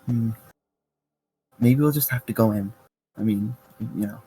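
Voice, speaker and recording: A man with a fairly low voice plays a tabletop game, thinking aloud in a relaxed, casual way. Faint music plays behind him. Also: unhurried, rough recording. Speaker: player.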